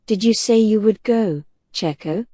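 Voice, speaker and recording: A woman voicing a menacing male pirate captain in a soft bedtime audiobook reading, with a purring, courteous menace. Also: mid-range voice, slow, dry recording, studio quality. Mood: silky menace.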